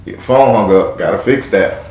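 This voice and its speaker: A man's voice: fairly low pitch, normal speed, gravelly, a little mellow, roomy sound. A man hosting a live tarot reading with a caller, talking in a playful, teasing way with casual slang. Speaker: tarot reader and host.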